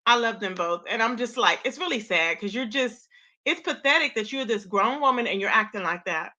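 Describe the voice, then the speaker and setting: A sassy woman streamer with a high, bright voice, chatting live and calling out to her viewers by name. She talks with animated, drawn-out emphasis. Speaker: livestream host. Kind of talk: casual live-stream commentary.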